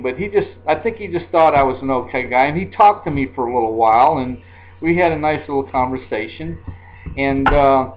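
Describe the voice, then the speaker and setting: A man's voice: mid-range voice, a little hiss or hum. A man in his sixties telling a personal story in a casual, rambling way, often repeating himself. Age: 60s. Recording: dull lo-fi recording.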